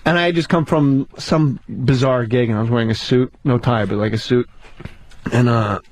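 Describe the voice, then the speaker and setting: A man's voice: mid-range voice, steady tone, moderate pace, no echo. A man casually telling a profane, laugh-filled anecdote to friends. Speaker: podcast host telling a story. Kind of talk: casual storytelling among friends.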